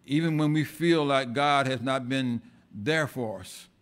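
A man stands in a church pulpit giving an impassioned sermon at a measured pace. His voice sits in the middle range, rising to loud outbursts and dropping to murmured asides, and he often says words twice.

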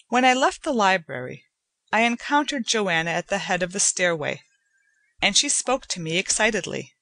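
A woman narrating a short story in a measured, unhurried storytelling manner. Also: medium pitch, very animated, bright, forceful tone, no echo. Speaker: audiobook narrator. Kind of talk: scripted narration.

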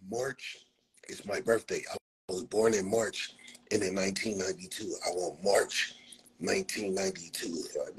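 This livestream host has a deep, slightly bright voice, a steady tone, and a moderate pace. Over his phone mic, in low-quality audio, he delivers a casual roast rant, mocking people profanely and repeating "blood" as a filler.

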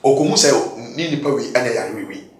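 A man giving a candid testimony in an interview, swinging between loud, emphatic bursts and low mutters. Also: animated, normal speed. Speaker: guest giving a confession testimony. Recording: echoey room, distant mic.

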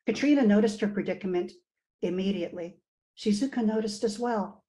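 Woman, author reading her fiction aloud, expressive, shifting emphasis, middling pitch, video call mic. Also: a little fast, low-quality recording. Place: remote virtual reading.

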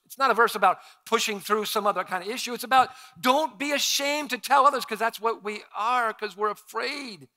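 A male pastor preaching a sermon, telling personal stories and acting out his own past lines with animated shifts. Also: high voice, normal speed, few pauses. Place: church sanctuary.

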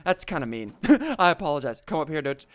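Hyper, high-pitched young man gaming. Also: lively intonation, fast, clear, resonant tone. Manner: hyper, shouty, giggly, swings between mutters and yells. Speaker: gaming YouTuber. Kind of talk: excited Minecraft commentary.

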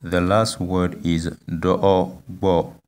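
Slow, deep-voiced man teaching a lesson. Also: level tone, darkish tone. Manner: patient, repeats each word slowly, frequent hesitations. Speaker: language teacher. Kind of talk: slow spoken language lesson.

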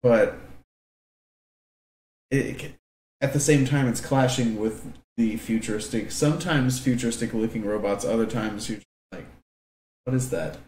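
A man co-hosting a casual gaming podcast, explaining things in an animated way with asides. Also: mid-range voice, measured pace. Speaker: podcast co-host. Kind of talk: casual chat. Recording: echoey room, distant mic, faint noise.

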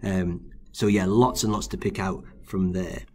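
Husky-voiced male literature teacher. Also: sits low, fairly even intonation, unhurried, darkish tone. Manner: hesitant, many fillers and restarts. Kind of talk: recorded exam-revision lesson.

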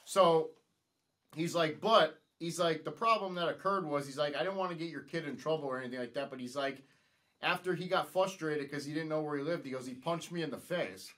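A man with a fairly high voice tells a story casually. He rambles and keeps acting out what everyone said, one "he's like" after another. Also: fairly quick, a bit bright. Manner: rambling, retells dialogue with lots of "he's like" and "I'm like". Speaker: podcast guest.

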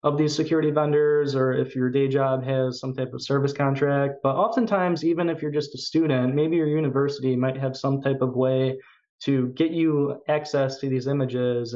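A man's voice: medium pitch, steady tone, brisk, darkish tone, lo-fi sound. A man with a Chicago accent giving a recorded tech talk at a conference, speaking with enthusiasm and frequent fillers.

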